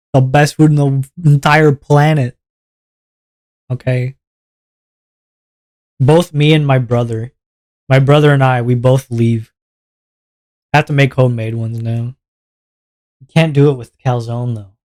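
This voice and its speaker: A man's voice: mid-range voice, darkish tone. A young man from Canada, a streamer ranting casually and with exasperation, swearing and laughing as he talks. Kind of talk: casual livestream rant.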